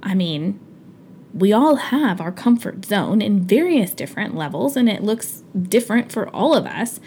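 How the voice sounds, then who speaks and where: A woman's voice: mid-range voice, big pitch swings, moderate pace, warm tone, slight background noise. A woman in her thirties hosting a podcast, talking in a chatty, earnest, motivational way with plenty of fillers and restarts. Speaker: podcast host. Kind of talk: casual motivational monologue.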